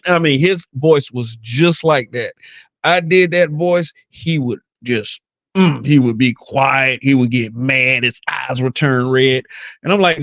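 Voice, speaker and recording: A man's voice: medium pitch, unhurried, a bit bright, dry recording, lo-fi sound. A man hosting a podcast in casual chat, blunt and profane, often mimicking other people's voices. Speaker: podcast host.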